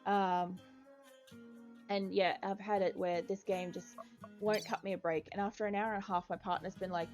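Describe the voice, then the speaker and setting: A young woman streams a game in a loose, rambling way, swearing and scolding the characters on screen. Her voice sits at an ordinary middle pitch. Faint music plays underneath. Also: level tone, normal speed. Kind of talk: casual gameplay commentary.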